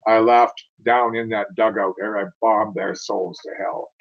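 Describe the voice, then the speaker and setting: A man's voice: fairly low pitch, fairly even intonation, a little slow, vocal fry, dull audio. A man reading verse aloud as a wounded male soldier telling his war story, in a rhythmic recitation. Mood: grim.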